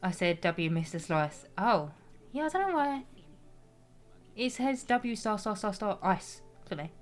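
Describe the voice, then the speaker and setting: A woman's voice: mid-range voice, big pitch swings, unhurried, soft background music. A young British woman chatting casually on a game stream, reading chat aloud and answering with some swearing.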